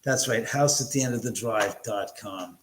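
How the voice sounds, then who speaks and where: A man's voice: fairly low pitch, normal speed, reverberant, slight background noise, poor audio. A man hosting a casual livestream, chatting with viewers in a rambling, joking way with crude banter. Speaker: livestream host. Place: room in a house.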